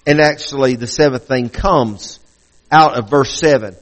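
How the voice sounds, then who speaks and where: A man's voice: medium pitch, a little slow, rough recording. A male pastor preaching a sermon in a conversational way, often restarting and repeating phrases.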